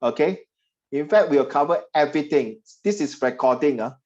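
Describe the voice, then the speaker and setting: Singaporean male tutor, chatty teasing delivery, slightly high voice, lo-fi video call audio. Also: animated, moderate pace, a little mellow. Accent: Singaporean English. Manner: chatty, teasing, puts on voices of parents and students. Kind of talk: online class teaching.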